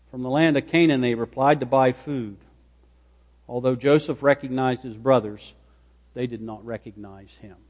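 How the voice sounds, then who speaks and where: Man preaching in an echoing hall. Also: fairly high pitch. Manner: retells scripture dramatically, acting out the speakers' lines. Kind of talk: sermon. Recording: long hall reverb.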